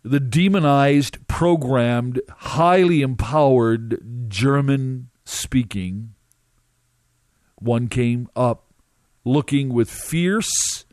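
A man recounting a dramatic first-person testimony as a minister, emphatic and halting, with drawn-out pauses. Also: medium pitch, a little mellow, no room sound, clean studio sound.

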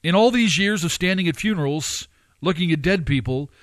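A man preaching and commenting, firing off rhetorical questions with his pitch swinging up and down. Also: brisk, dry recording.

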